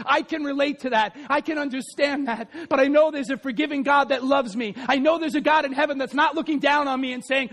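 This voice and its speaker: Fervent high-voiced man preaching. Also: fairly even intonation, fairly quick, few pauses. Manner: impassioned, swinging from fervent shouted prayer to low intimate talk. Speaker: pastor. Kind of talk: sermon and prayer.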